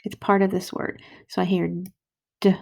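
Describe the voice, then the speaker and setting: A woman teaching first graders to write a sentence, slowly sounding out each word and syllable with patient, clear steps. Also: mid-range voice, little pitch movement. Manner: slow, patient, sounding out words. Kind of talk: recorded writing lesson for children. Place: home. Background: dog barking.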